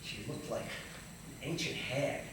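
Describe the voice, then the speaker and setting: A man telling comic stories from his own life in a solo stage show, with lively stammered restarts and banter with the audience. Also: mid-range voice, slow, heavy background noise. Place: theater stage with a live audience. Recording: echoey theater from far off.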